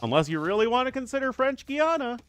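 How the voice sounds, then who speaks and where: A man's voice: extremely high pitch, big pitch swings, fast talker, fairly bright tone, smooth. A man casting a live strategy game tournament, chatty and joking as he answers viewer chat. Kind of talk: live esports commentary.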